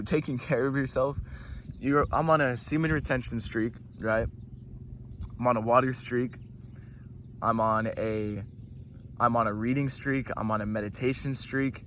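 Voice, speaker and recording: Man, casual spiritual talk, excitable and preachy, average pitch, faint insect noise outdoors. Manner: excited, preachy, swears casually, goes off on tangents. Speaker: host.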